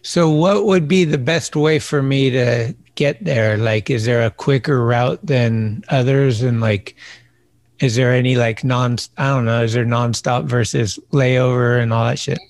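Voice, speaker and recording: A young man from the United States hosts a relaxed conversation in a mid-range voice. The sound is dry and close, and he keeps the talk going with easy, curious questions. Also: medium pitch, measured pace, no echo. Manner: laid-back, curious, asks questions. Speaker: host. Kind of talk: casual chat.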